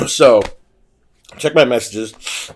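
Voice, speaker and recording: A podcast guest with a lowish male voice tells stories casually at a normal pace. He's animated and acts out the voices of the people he quotes.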